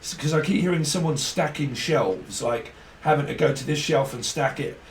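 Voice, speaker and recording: A man's voice: fairly high pitch, normal speed, far from the mic. Rambling man giving a tarot reading. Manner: rambling, free-associating, jokey. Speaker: tarot reader. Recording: echoey room, off-mic, faint hiss.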